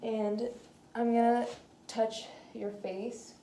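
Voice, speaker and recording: Woman, slow and hesitant, gravelly low-toned voice, echoey room with faint noise. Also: little pitch movement, warm tone. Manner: hesitant, many fillers. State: slightly out of breath. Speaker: student doing a clinical neuro exam. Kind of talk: talking through an exam for video.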